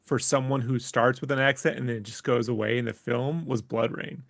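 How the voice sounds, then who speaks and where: A man's voice: mid-range voice, fairly even intonation, brisk, creaky, dry recording, studio quality. A man co-hosting a casual chat podcast, jokey and rambling, laughing often. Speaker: podcast co-host.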